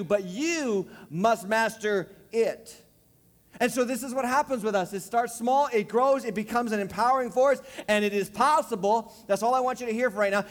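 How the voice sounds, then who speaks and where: A man with a very high voice preaches to his congregation, pressing each point with repetition and deliberate slow stretches. His words ring out with a long reverb in a large church hall. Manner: emphatic preacher, repeats key phrases, slows for emphasis. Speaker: pastor. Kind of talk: sermon. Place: church sanctuary.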